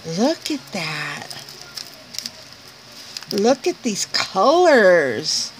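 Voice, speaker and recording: Gushing woman unboxing gifts, slow-spoken. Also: medium pitch, a little hiss or hum. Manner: gushing, excited, laughs often, exclaims over each item. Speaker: crafts vlogger opening a gift package. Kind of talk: casual unboxing chat to viewers. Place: home at night.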